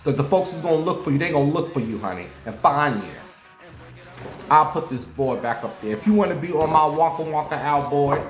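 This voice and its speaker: A man's voice: a little high, animated, a little fast, faint music behind. Chatty, profane man with a roomy echo. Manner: loose, chatty and profane, with sudden jumps up to playful squeals. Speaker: vlogger. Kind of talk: casual chat to viewers.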